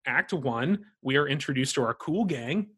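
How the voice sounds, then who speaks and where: Man, podcast co-host, husky voice, lively up-and-down pitch, jokey and profane. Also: moderate pace. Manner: joking, swearing, does funny voices. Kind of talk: casual chat.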